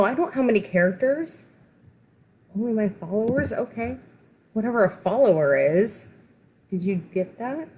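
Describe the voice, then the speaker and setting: Woman, middle-aged, therapist, casual live-stream chat, chatty, self-deprecating, swears offhandedly. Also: mid-range voice.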